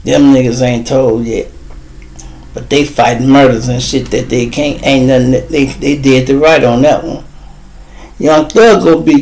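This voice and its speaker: A middle-aged man from Chicago with a Chicago accent, hosting a casual commentary rant and talking straight to his viewers, animated and swinging between loud and soft. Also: medium pitch, measured pace, low-quality recording. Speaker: host of a commentary channel.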